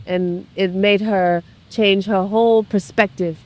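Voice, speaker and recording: Halting, storytelling woman. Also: medium pitch, steady tone. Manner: halting, with many fillers and restarts. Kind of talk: casual storytelling chat.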